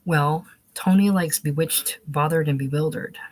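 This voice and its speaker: Woman reading a confident young gal, chatty and offhand, lowish voice. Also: a little slow, darkish tone. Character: pretty young woman, breezy and self-assured.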